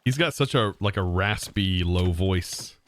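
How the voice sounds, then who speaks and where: A young man hosting a live game stream, excitable, exclaiming often and thanking viewers. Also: low-pitched, unhurried, a little hiss or hum. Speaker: livestream host.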